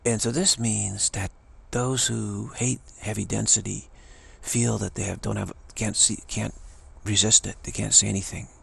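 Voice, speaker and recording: A man with a gravelly, husky voice giving a rambling spiritual monologue, often restarting phrases and mocking the voices of others. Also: on the low side, little pitch movement, normal speed, a bit bright.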